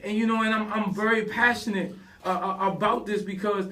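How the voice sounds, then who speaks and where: A man's voice: high voice, steady tone, fairly quick, bright, forceful tone, distant mic. A man talking passionately on a radio interview, often laughing as he speaks. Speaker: guest. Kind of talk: emotional radio interview talk.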